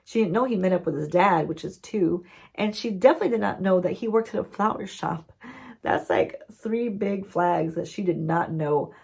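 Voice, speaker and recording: Chatty woman with a gravelly voice. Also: fairly low pitch, moderate pace, a little mellow. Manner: chatty, playful, asides to viewers. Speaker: beauty vlogger. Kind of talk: story-time recap while doing makeup.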